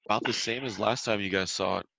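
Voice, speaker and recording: A man's voice: fairly low pitch, quick pace, creaky, noisy background. A man narrating a tabletop game as game master, describing scenes in a loose style with restarts.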